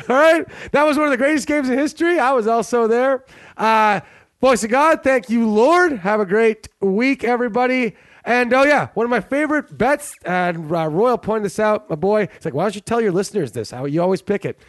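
A man's voice: high-pitched, a bit bright, no echo. A man hosting a sports podcast, laughing often and giving an upbeat sign-off. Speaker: podcast host. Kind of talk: casual podcast chat.

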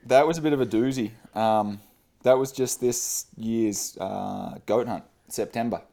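A man's voice: mid-range voice, unhurried, creaky, warm tone. A man, a guest on the show, telling a casual story with fillers and frequent laughs. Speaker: podcast guest.

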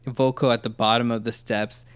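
A man's voice: mid-range voice, level tone, brisk, smooth, no echo. A man chatting casually about a film, thoughtful and explanatory. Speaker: podcast co-host discussing a film. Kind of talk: casual chat.

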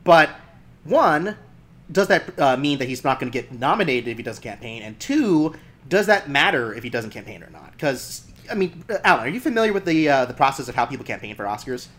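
Lively chatty man hosting a podcast. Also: mid-range voice, fairly quick. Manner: chatty, laughs often, restarts. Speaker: podcast host. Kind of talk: casual film podcast chat.

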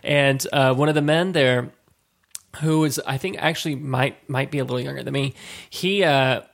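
A man in his late thirties telling a casual story as podcast co-host, rambling and halting with many restarts. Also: mid-range voice, gravelly. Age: late 30s.

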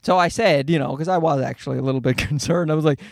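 A man in his thirties doing stand-up storytelling, animated and profane, often jumping into high-pitched voices for the people he quotes. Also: fast, gravelly, dry recording, studio quality. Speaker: stand-up comedian.

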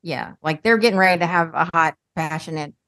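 A woman co-hosting a podcast, retelling soap opera scenes in relaxed casual chat, filling in with "you know" and acted-out quotes. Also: low voice, a little fast. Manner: relaxed storytelling, acts out scenes with quotes and fillers. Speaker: podcast co-host.

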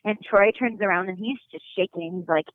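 A woman's voice: mid-range voice, a little fast, dry recording. A young woman from North Dakota, a singer, telling a story in a casual interview with lots of laughter and gushing enthusiasm. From North Dakota, USA. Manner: animated, giggly, gushing. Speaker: singer, podcast guest. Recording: dry phone-line audio.

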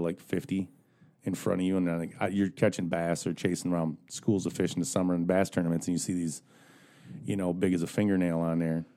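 A man's voice: low voice, warm tone. A man telling a rambling, profane fishing story in casual chat, acting out the other people's lines as he goes.

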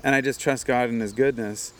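A man's voice: mid-range voice, fairly even intonation, fairly quick. Chatty male pastor telling stories. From Hawaii. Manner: chatty, with frequent laughs and "you know" fillers. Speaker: pastor and speaker. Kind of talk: casual interview storytelling.

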